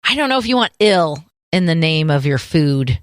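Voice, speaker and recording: A woman co-hosting a podcast in casual chat, playful and full of deadpan sarcastic jokes. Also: sits low, normal speed, no echo, studio quality. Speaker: podcast co-host.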